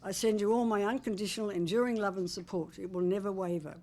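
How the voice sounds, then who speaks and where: A woman's voice: medium pitch, steady tone, quick pace, a little mellow. Heartfelt older woman giving a speech. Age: 70s. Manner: heartfelt and affectionate, with wry humour. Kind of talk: prepared speech at a book launch.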